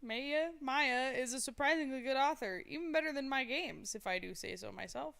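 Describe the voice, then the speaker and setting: A playful young college guy, teasing and a little halting as he trails off mid-word, read aloud by a woman. The voice sits high and is smooth and clear. It comes from a live story reading. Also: a bit bright. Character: young male college student, teasing and bookish.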